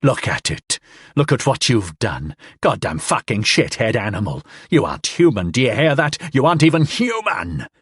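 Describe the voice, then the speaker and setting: A man's voice: mid-range voice, sing-song, normal speed, slightly rough, no echo, clean studio sound. A man voicing an enraged, violent young man who hurls harsh, snarling insults. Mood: furious.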